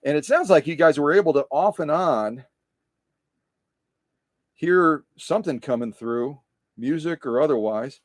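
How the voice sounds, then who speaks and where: Middle-aged male workshop host, talkative and self-mocking, a touch high-pitched, dry recording. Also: animated, a little slow, long pauses, no echo. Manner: chatty, repeats phrases, self-deprecating. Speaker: livestream host restoring sewing machines. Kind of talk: casual live-stream chat while working.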